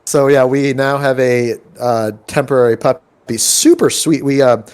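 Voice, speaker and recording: A man's voice: medium pitch, normal speed, a little mellow, clear, resonant tone. Rambling, chatty man telling stories. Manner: rambling storyteller, many likes and ums, acts out quoted voices. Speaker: tabletop game player. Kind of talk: casual chat before a game session.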